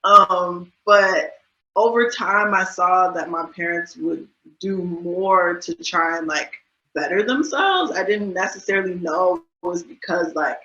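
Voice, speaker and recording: A woman's voice: fairly low pitch, unhurried, sharp tone. Chatty woman guest, echoey lo-fi sound. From USA. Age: 30s. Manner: chatty, many fillers and laughs. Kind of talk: casual interview. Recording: dull lo-fi sound, roomy echo.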